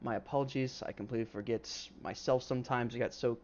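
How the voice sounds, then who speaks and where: A man's voice: mid-range voice, steady tone, fast talker, a little mellow, natural voice. A man voicing a formal, awkward aristocratic father who speaks with stiff, apologetic politeness, on a slightly muffled mic.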